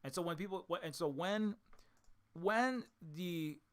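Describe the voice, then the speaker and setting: Here an indie game developer from Hawaii talks to his viewers in a high, clear, resonant voice at a measured pace. The monologue meanders and loops back on itself, with frequent restarts and a "right?" tacked onto the end of each point.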